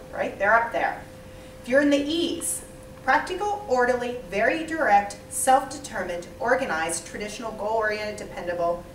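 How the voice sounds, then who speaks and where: A woman leading a small interactive training session, lively and quizzing the group. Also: on the high side, a little hiss or hum. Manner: lively, asks the group questions, acts out types. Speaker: workshop trainer. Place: small training room with a few participants. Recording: echoey room, mic far off.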